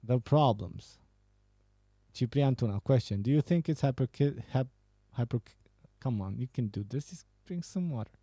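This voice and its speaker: A man's voice: mid-range voice, animated, normal speed, dark tone, no echo. A man hosting a podcast, casually reading out and joking about viewer messages, laughing and swearing often. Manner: laughing, profane, banter. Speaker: podcast host.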